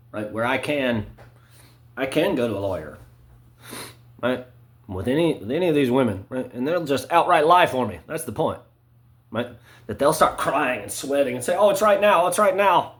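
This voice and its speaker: A man in a rambling monologue, full of "right?" and "you know" fillers, swinging between low mutters and sharp emphatic spikes. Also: lively intonation, moderate pace, long pauses.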